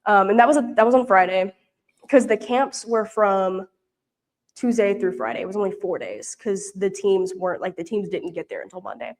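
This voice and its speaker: A young woman from Louisiana in the US South, a mission intern, gives her report at a church prayer meeting while showing pictures. Her medium-pitched voice is animated at a moderate pace. Easygoing and talkative, she tells stories chattily and rambles, with many fillers and restarts.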